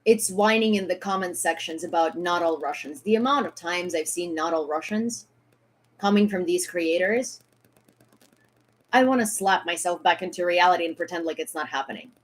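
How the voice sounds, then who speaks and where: A woman's voice: fairly low pitch, normal speed. A woman from Ukraine ranting on a live stream, sarcastic and heated, swearing freely as she argues. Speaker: social media creator.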